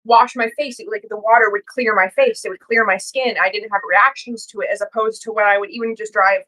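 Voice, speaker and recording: A woman's voice: mid-range voice, steady tone, fairly quick, sharp tone, low-quality recording. A woman co-hosting a podcast, talking casually and emphatically, repeating her points with plenty of "like". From United States. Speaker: podcast co-host. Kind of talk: casual chat.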